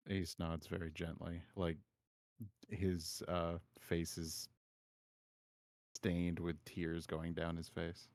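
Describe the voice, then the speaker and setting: Male player, very low flat voice, describes his character in third person, dry sound. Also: takes it slowly, long pauses, dry recording. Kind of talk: casual tabletop play.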